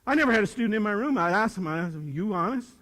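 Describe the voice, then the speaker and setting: A middle-aged man, a teacher, giving a folksy, animated motivational talk to students, acting out bits of dialogue. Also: high voice, racing. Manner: folksy, animated, acts out dialogue with shifting voices. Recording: reverberant hall.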